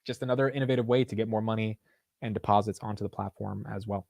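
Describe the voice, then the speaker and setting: A man's voice: fairly low pitch, steady tone, fast talker, vocal fry, darkish tone, no room sound. Young American male host, loose slangy delivery, dry close-miked voice. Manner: casual, slangy, says dude and bro. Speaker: market show host. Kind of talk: casual livestream market commentary.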